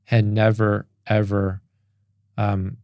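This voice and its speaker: Man, podcast guest, low gravelly voice, candid and emotional, lots of restarts, dry recording. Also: completely flat delivery, takes it slowly, darkish tone, no room sound. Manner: emotional, open, many restarts and "like". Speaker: podcast guest, business coach. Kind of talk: candid conversational storytelling.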